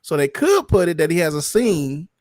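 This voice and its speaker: A man co-hosting a casual podcast, excitable and quick to repeat himself in short bursts. His voice is a touch high with wide pitch swings, and the sound is dry and close. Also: dry recording. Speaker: podcast co-host. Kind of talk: casual chat. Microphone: remote call microphone.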